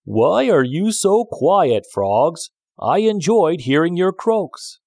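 A man voicing an exasperated farmer in a storybook reading, calling out loudly and slowly. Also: high-pitched, big pitch swings, no echo, studio quality, voice pushed up. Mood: puzzled. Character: gruff, impatient old farmer.

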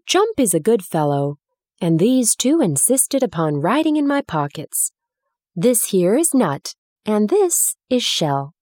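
A woman's voice: mid-range voice, very animated, unhurried, a little mellow, no room sound, studio quality, voice pushed up. A woman voicing a kind, cheerful country boy with an easygoing, homely way of talking.

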